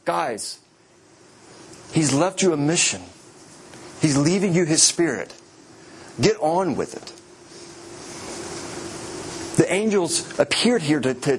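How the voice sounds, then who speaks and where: A man's voice: a little high, a little hiss or hum. A man, a pastor, preaching a sermon with vivid storytelling, often repeating and restarting words.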